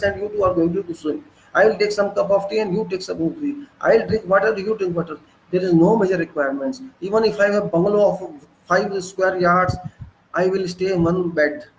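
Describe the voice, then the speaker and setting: Older indian guy in his 60s preaching a lecture, repeats himself, asks rhetorical questions, high-ish voice. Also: brisk, reverberant, slight background noise, poor audio. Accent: Indian English. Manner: earnest, repetitive, rhetorical questions. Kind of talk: moralizing lecture.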